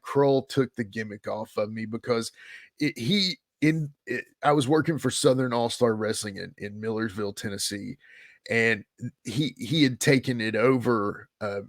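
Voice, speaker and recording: A man's voice: on the low side, no room sound, clean studio sound. Middle-aged man telling wrestling stories. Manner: animated, acts out quoted voices. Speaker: podcast guest, former pro wrestler. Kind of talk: casual interview storytelling.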